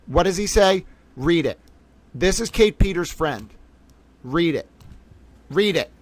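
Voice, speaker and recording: A man's voice: high-pitched, lively intonation, a little slow. A man hosting a live-streamed commentary, reading posts aloud in a heated, indignant way. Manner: heated, indignant, swings from shouting to quiet. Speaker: livestream host.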